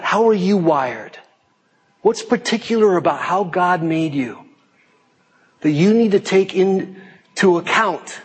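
A middle-aged man preaching a sermon in a lively, joking way, slipping into put-on voices for effect. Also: slightly rough, big-room sound. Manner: animated, jokey, puts on high panicky voices. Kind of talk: sermon with acted asides.

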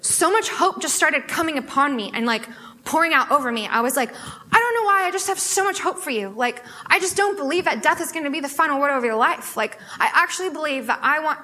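Young American woman preacher with a high, bright voice, animated storytelling, filler-heavy and chatty. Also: brisk. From United States. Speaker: guest speaker at a student fellowship. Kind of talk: testimony sermon.

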